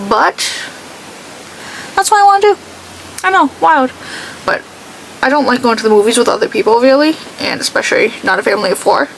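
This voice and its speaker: Young woman, beauty vlogger, high voice, animated swings in pitch, chatty and sarcastic, faint hiss behind. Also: low-quality recording. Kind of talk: casual chat while doing makeup.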